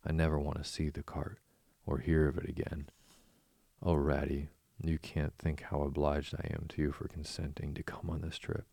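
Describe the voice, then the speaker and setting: A man's voice: very deep voice, completely flat delivery, moderate pace, gravelly, darkish tone, no room sound, studio quality, heavily acted. A man voicing a boastful, giddy male toad who murmurs in a dreamy, rapturous way.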